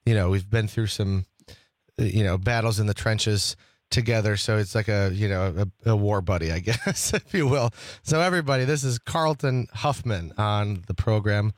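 A man hosting a talk radio show in a loose, chatty way, doubling back and restarting his sentences often. His voice sits on the low side. The sound is close and dry, with no room in it. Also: normal speed, no room sound. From Wisconsin. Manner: rambling, with many restarts and fillers. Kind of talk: casual talk radio chat.

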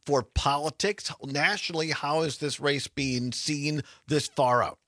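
A man hosting a talk radio show, briskly moderating the panel and taking calls. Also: on the high side, fairly even intonation, fairly bright tone, no echo, studio quality.

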